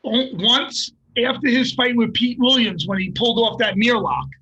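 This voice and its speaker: This man talks high in his register with a bright, somewhat husky tone. He is a jiu-jitsu coach chatting on a podcast, telling stories with animated, profane energy. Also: moderate pace, lo-fi sound. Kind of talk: casual podcast chat.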